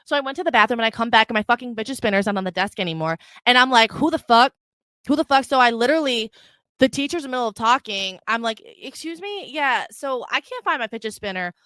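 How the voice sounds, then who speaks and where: A young woman hosting her own podcast, telling a story in a profane, animated rant and mocking the people in it. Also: a little high, quick pace, smooth, no room sound. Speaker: podcast host. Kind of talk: unfiltered solo podcast rant.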